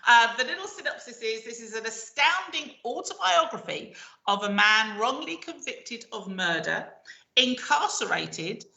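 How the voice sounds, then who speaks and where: A woman co-hosting a local radio show, chatting casually and reading a book synopsis slowly and dramatically. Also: fairly high pitch, very animated, vocal fry, pushed and bright, roomy sound, poor audio. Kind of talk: casual chat.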